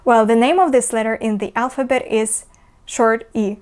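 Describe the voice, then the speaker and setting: A woman teaching pronunciation. She explains patiently, fills pauses with "uh" and repeats the example sounds. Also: a little high, fairly even intonation, a little mellow, clear, resonant tone. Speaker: language teacher. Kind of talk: pronunciation lesson.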